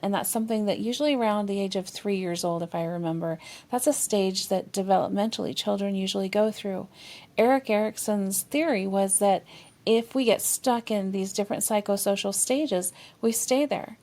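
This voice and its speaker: A woman's voice: mid-range voice, moderate pace, mellow. A woman therapist co-hosting a relationship podcast, talking expressively and acting out inner dialogue with feeling. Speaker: therapist co-host.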